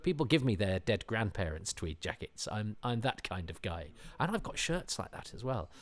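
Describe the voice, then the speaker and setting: A man hosting a podcast, giving rambling, self-deprecating commentary with animated asides. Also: on the low side, moderate pace. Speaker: podcast host. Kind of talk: casual commentary.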